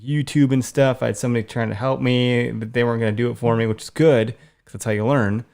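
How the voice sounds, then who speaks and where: A man in his thirties co-hosts a casual hunting podcast, speaking fast in a gravelly, mid-range voice. He's an animated storyteller who acts out voices in his anecdotes.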